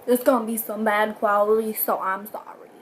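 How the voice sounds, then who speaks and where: Sitting at home with a furnace running, a woman vlogger relates a story in a chatty, casual style, adding dramatic asides. Her medium-pitched voice is flat and moderately paced. The sound is roomy and slightly noisy, captured from a distance.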